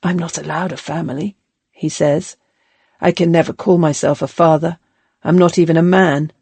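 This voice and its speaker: Woman narrator doing an anxious roman slave guy, tender and soft, dry audiobook sound. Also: low-pitched, fairly even intonation, normal speed, creaky, slightly rough, dry recording, full character voice.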